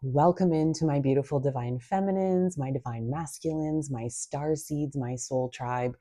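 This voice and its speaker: Woman tarot reader, warm mellow voice, talks low and hushed, rambling chat to viewers. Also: moderate pace. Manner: hushed, half-whispered talk; rambling with many fillers. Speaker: tarot reader and channel host. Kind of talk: casual spoken monologue to viewers. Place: at a table in her home.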